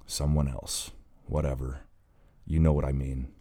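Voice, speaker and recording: A man's voice: a bass voice, little pitch movement, a little slow, mellow, a little hiss or hum. A man reading the lines of a guarded, evasive young woman doctor in an audiobook. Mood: defensive.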